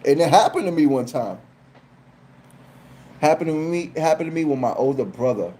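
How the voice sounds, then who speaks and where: Animated New man telling a story. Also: a little high, moderate pace. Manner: animated, profane, repeats phrases. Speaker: live streamer. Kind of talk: casual comedic storytelling.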